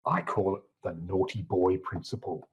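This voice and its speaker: A middle-aged man with an Australian accent giving an exam-prep chemistry lecture, jokey and swooping up in pitch for emphasis. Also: moderate pace, breathy edge. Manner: lively, jokey teacher who swoops up for emphasis. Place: lecture room. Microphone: wearable mic.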